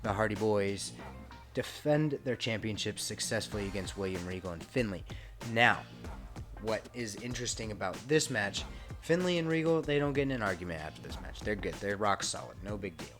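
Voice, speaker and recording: A man's voice: lowish voice, animated, a little fast, music in the background. Chatty man rambling over gameplay. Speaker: gaming channel host. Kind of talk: casual game commentary.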